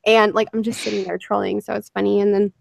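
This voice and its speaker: A woman's voice: medium pitch, little pitch movement, fast, vocal fry. A woman who narrates stories online, chatting casually and telling stories with frequent laughter. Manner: chatty storyteller, laughs often. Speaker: narrator and podcast guest. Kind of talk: casual chat.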